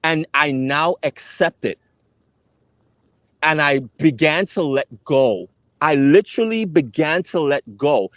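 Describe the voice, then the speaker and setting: A man's voice: fairly high pitch, expressive, slow, a bit bright, no room sound. Earnest man telling a story to camera. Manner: earnest, emphatic, repeats himself. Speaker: travel vlogger.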